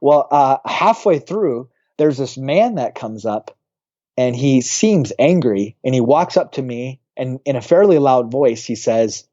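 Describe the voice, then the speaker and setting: A man, a pastor, telling a personal story as a guest on a podcast, animated and acting out the voices of people in it. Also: mid-range voice, unhurried, muffled recording. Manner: animated storyteller who acts out quoted voices.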